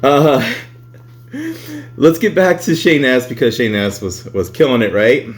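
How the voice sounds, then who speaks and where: A man's voice: mid-range voice, lively intonation, a little slow. A man chatting casually on a vlog, reading reviews aloud, laughing often and swearing freely.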